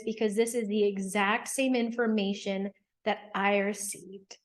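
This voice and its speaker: A woman's voice: mid-range voice, fairly even intonation, measured pace. A woman in her thirties, an attorney and hypnotherapist, earnestly telling her personal story in a thoughtful, reflective interview. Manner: earnest, thoughtful, with frequent ums and quoted inner thoughts.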